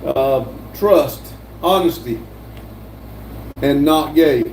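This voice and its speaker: A middle-aged man hosting a casual live stream, reading viewer comments aloud with many pauses and uhs. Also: on the high side, darkish tone. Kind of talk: casual chat. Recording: echoey room, distant mic, faint noise.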